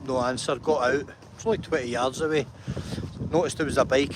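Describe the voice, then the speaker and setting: A man's voice: medium pitch, fairly even intonation, a little fast, background noise. A man vlogging to camera, chatty and enthusiastic, often checking in with "right?". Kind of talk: walking vlog talk to camera.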